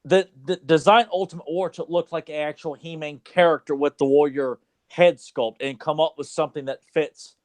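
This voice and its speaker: A man's voice: on the high side, fairly even intonation, moderate pace, few pauses. A man co-hosting a casual podcast chat, grumbling and sarcastic, swearing freely. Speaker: podcast co-host.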